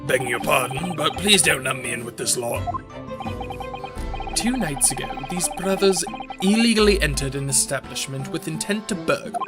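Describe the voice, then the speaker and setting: A streamer voicing a gruff male police inspector in a video game, dropping into a lower, clipped, formal delivery. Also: natural voice.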